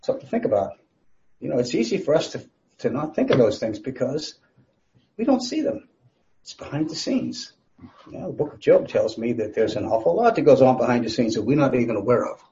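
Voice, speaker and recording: A man delivers a sermon in a mid-pitched voice, chatting with his congregation through rhetorical questions and light asides. The recording sounds a little dull and muffled. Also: very animated, a little fast, mellow, a little hiss or hum. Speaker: pastor.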